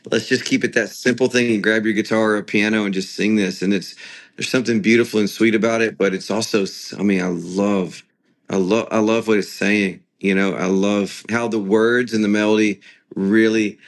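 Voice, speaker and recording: A man with a fairly low voice answers interview questions as a songwriter. He explains his intentions earnestly and slips into retelling a story with steady sincerity. His tone stays conversational throughout. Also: moderate pace. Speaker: guest songwriter.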